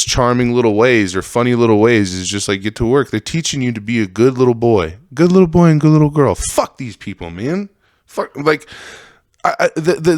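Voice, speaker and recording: A man's voice: medium pitch, no echo, clean studio sound. A man hosting a podcast, delivering a heated, profane rant that circles back on its own phrases. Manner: heated, profane, repetitive ranting. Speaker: podcast host. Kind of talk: ranting podcast monologue.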